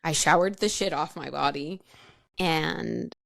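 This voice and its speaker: A woman's voice: sits low, expressive, unhurried, gravelly, a bit bright, dry recording, clean studio sound. A woman recounting her past as a podcast guest, frank and matter-of-fact, laughing at herself and peppering her talk with "like". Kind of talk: candid personal storytelling.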